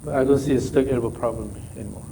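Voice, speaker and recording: During a practice session, a native Korean speaker guides his golf student with brief, repeated commands, his English phrasing non-native. He talks fast in a mellow, medium-pitched voice, and the rough recording carries a little hiss or hum.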